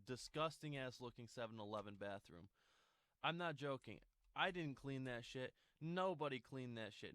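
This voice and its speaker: A man's voice: mid-range voice, fairly bright tone, clear, resonant tone, no echo. A young man telling a casual storytime, rambling with lots of fillers and restarts.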